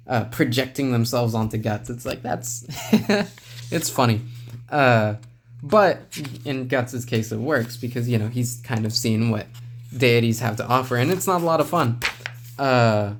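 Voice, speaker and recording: A man reviewing a manga volume in a relaxed, rambling way, with lots of filler sounds and small chuckles. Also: mid-range voice, measured pace, a little hiss or hum. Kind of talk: casual video review.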